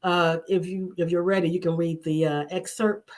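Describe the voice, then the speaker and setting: A woman hosting a casual book chat, pausing and hedging with fillers. Her voice sits a little low for a woman. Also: little pitch movement. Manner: hesitant, full of fillers.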